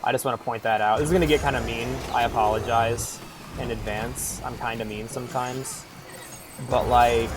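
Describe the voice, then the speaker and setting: A man's voice: mid-range voice, steady tone, normal speed, background noise. A man streaming a game, chatting casually in a rambling, irreverent way and swearing freely. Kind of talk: casual gameplay chat.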